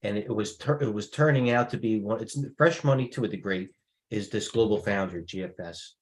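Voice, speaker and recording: A man's voice: lowish voice, brisk. Rambling male trader in a roomy room. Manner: rambling, restarts, thinks aloud while checking positions. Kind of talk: live trading chat.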